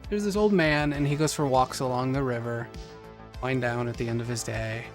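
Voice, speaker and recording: Male podcast co-host, mid-pitched voice, joking storyteller, faint music bed. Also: normal speed. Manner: wisecracking, animated storyteller. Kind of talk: casual chat, telling a joke.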